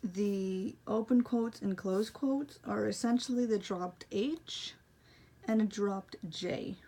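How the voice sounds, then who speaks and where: A woman's voice: medium pitch, slow, dark tone. A young woman casually explaining braille punctuation, rambling and apologizing for her explanations. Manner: self-deprecating, rambling, apologetic. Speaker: braille teacher. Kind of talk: casual tutorial.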